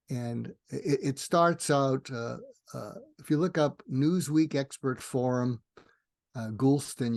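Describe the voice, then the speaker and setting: An older man, a retired psychiatrist, talking as a podcast guest, explaining in an animated way with frequent restarts. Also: mid-range voice, gravelly, no echo, studio quality. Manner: animated, acts out dialogue in varied voices, frequent restarts. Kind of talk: conversational interview explanation.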